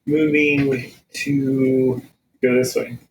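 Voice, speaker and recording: A man with a middle-pitched, gravelly voice thinks out loud at the gaming table. He stops and restarts as he plans his moves and asks questions. A faint hiss of noise sits behind him. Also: flat delivery, extremely slow, low-quality recording. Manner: hesitant, asks questions while planning. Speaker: player. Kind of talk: tabletop game chat.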